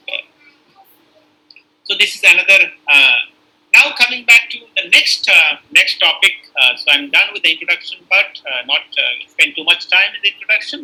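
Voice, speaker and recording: A man's voice: a little high, bright, forceful tone, poor audio. A middle-aged man giving an online lecture, explaining step by step with many fillers and restarts.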